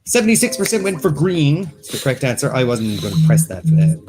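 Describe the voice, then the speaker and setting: A man's voice: fairly high pitch, very animated, fast talker, a little mellow. A man with an Irish accent hosting a casual live-stream quiz, reading out questions and joking with his co-host. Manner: joking, reads questions aloud, banters.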